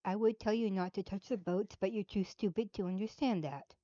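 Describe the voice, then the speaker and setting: A woman's voice: medium pitch, brisk, warm tone, no room sound. A woman hosting a casual live commentary, blunt and sarcastic. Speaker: host. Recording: dull dry lo-fi.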